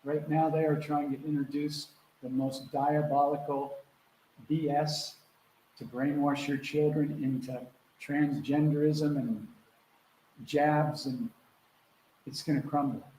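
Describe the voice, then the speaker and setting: Animated spiritual mentor man, echoey room. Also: on the high side, takes it slowly. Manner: earnest, animated, acts out quotes and swears freely. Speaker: spiritual mentor hosting a live Q&A call. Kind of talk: casual live call talk. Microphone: video call. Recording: echoey room with faint background noise.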